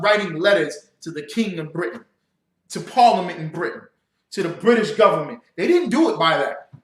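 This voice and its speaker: Male street-style preacher, high bright voice, roomy echo, shouts for emphasis. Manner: emphatic, builds to shouting, speaks to the audience. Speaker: religious teacher. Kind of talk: livestreamed sermon.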